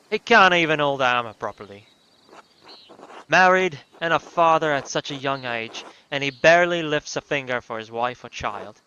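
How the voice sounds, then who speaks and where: Man putting on an Australian accent, grumbling villager, scornful, bright, forceful. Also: a little high, highs cut off, slight background noise. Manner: complaining, scornful. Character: gruff grumbling village man, gossiping about a thief.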